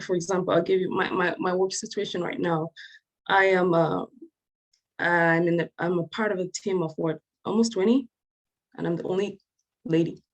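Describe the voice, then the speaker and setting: A woman from Africa speaking as a panelist on a video call, emphatic and building to animated peaks. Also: mid-range voice, low-quality recording. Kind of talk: passionate panel discussion.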